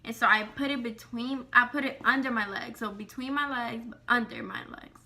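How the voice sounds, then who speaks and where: Bright-voiced young woman, animated storyteller. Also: fairly high pitch, moderate pace, gravelly. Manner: animated, slangy, heavy on "like" and swearing. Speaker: vlogger telling a story. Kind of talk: casual storytime.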